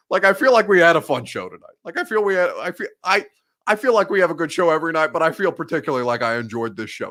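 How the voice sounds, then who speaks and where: A man's voice: medium pitch, a bit bright. A young man hosting a live sports show, chatting casually, rambling, laughing often and poking fun at himself.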